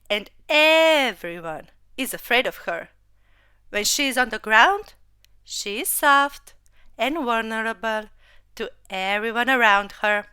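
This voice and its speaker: Brief: woman storyteller, slow and gentle, smooth crisp voice, dry close sound. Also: fairly high pitch, dry recording. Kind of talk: storybook narration.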